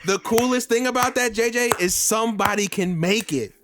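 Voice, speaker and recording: A man co-hosting a gaming podcast, tossing out playful quick quips. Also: extremely high pitch, music in the background. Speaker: podcast co-host. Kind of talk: casual chat.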